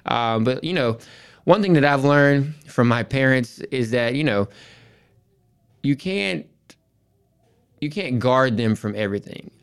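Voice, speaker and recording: A man's voice: mid-range voice, animated, a little slow, long pauses, clear, resonant tone. A man in his thirties, a school principal as podcast guest, telling family stories in a casual, rambling way. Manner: storytelling, frequent restarts and "you know".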